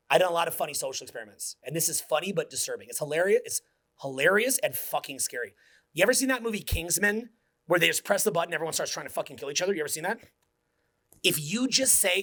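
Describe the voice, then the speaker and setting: A man's voice: a little high, bright, forceful tone. A man in his forties, a social skills coach, giving an intense, profane motivational speech that drops to near-whispers. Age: 40s.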